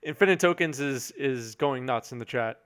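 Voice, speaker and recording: A man's voice: medium pitch, moderate pace, a bit bright, smooth. Chatty man commentating a card match. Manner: chatty, reads out viewer chat, chuckles often. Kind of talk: live card game commentary.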